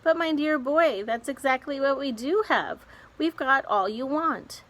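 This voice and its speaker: A woman's voice: high-pitched, unhurried, pitched above the performer's own voice, poor audio. A woman reading aloud, voicing a fussy old male grasshopper in a storybook. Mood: excited. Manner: sharp, excitable.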